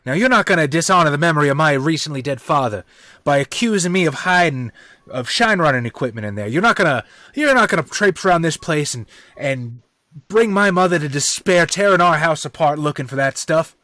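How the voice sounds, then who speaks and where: A man's voice: fairly high pitch, expressive, brisk, bright, forceful tone, no room sound, studio quality, pitched above the performer's own voice. A man voicing a defiant young man defending his family, in a tabletop game. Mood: indignant.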